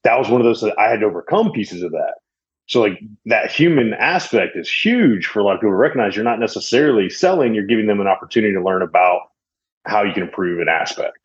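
A man's voice: on the low side, expressive, fast talker, slightly rough, muffled recording. A man hosting an interview, asking long, rambling questions full of fillers. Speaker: podcast host. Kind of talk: interview questions, casual chat.

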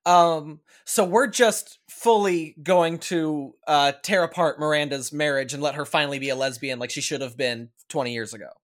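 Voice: mid-range voice, normal speed, few pauses. A podcast host in casual chat, starting with fillers and laughs before getting to the point. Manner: hesitant, lots of fillers, laughing.

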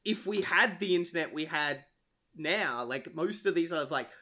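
Guy rambling on a podcast, bright voice, like like like, acts out lines. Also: on the high side, moderate pace. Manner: animated, full of fillers, acts out quotes. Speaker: podcast co-host. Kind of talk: casual chat.

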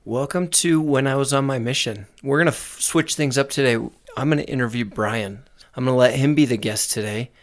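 A man's voice: medium pitch, brisk, few pauses. Playful male podcast interviewer. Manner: playful, teasing. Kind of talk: casual interview. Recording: intro over faint music.

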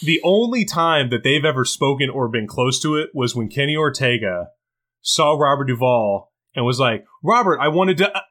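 A man co-hosting a casual podcast, trading wry and sometimes profane remarks about a film. His pitch sits in the middle and swings widely as he talks. He agrees easily and drops short jokes between his partner's points. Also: animated, moderate pace, a bit bright. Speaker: podcast co-host.

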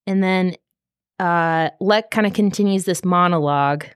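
A woman's voice: lowish voice, measured pace, clean tone, no echo, studio quality. A woman co-hosting a book podcast, recapping the plot casually with lots of swearing and filler words. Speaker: podcast co-host. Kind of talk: casual book-club chat.

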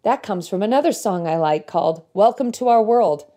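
An earnest woman shares a reflective devotional message in a mellow, warm-toned voice. She reads song lyrics slowly and thoughtfully, pausing on the words, with a middle-range pitch. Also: expressive. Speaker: Christian speaker.

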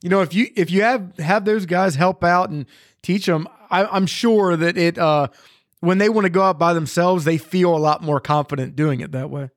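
A man's voice: high-pitched, normal speed, no room sound, clean studio sound. Rambling man hosting a podcast. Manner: relaxed, filler-heavy, rambling. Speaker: podcast host. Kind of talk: casual interview chat.

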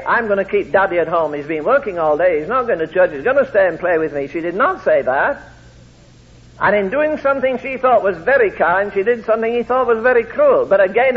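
A man with a voice that sits high preaches a sermon, expressive and at a moderate pace. He tells anecdotes and acts out the quoted voices in them, all captured in a tinny, phone-like lo-fi recording.

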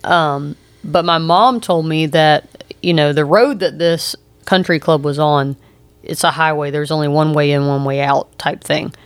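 A woman's voice: deep voice, steady tone, a little slow, no echo. A woman in her thirties co-hosting a podcast, telling a story in a chatty way with lots of fillers. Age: 30s. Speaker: podcast co-host. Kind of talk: casual chat.

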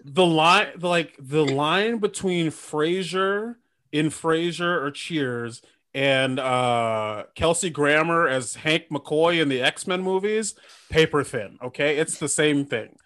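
A young man co-hosting a podcast, joking and swearing in animated casual chat. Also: on the high side, slow pace. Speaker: podcast co-host.

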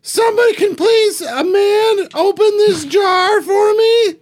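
Dude doing a screechy old lady yelling for help, high and loud. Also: slow pace. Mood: demanding. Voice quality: shouted falsetto. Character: loud frail old woman begging for help.

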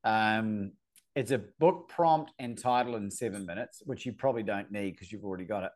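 A man's voice: fairly low pitch, moderate pace. Chatty New man on a call. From New Zealand. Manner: chatty, stumbles and restarts often. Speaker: host. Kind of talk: casual video-call conversation. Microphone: video call.

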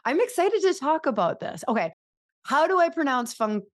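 A woman's voice: high voice, big pitch swings, brisk. An American woman hosting a podcast, chatting in a bubbly, self-deprecating way and leading a short prayer. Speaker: podcast host. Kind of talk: casual podcast chat and spoken prayer.

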